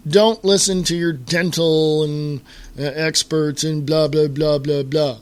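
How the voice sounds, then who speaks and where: A man's voice: fairly high pitch, fairly even intonation, a little mellow, clean tone. A man hosting a solo talk radio show, ranting in an exasperated way to his listeners with lots of fillers and restarts. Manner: halting with fillers and repeated starts.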